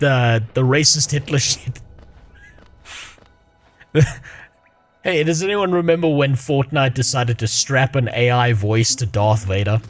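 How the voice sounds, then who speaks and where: A man's voice: mid-range voice, unhurried, pauses often, soft background music. A man commentating casually on a video game, crude and joking, swearing when he fails. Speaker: streamer.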